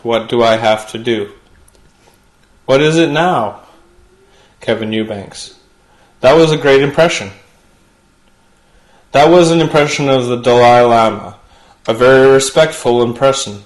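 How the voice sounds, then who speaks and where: Brief: male late-night host, mid-pitched voice, punchy monologue delivery, roomy studio sound. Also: normal speed. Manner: punchy joke delivery, chatty asides. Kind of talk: comedy monologue.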